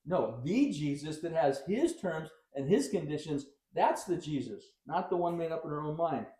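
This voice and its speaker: A man's voice: on the high side, lively intonation, normal speed, dark tone, reverberant, rough recording. A male pastor preaching a sermon in a conversational style, with wry asides and sudden bursts of emphasis.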